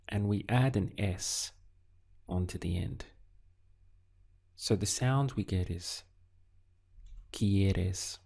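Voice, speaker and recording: A man teaching a recorded language lesson, asking slow, deliberate questions and pausing for the learner to answer. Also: lowish voice, vocal fry, warm tone, husky. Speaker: Spanish teacher.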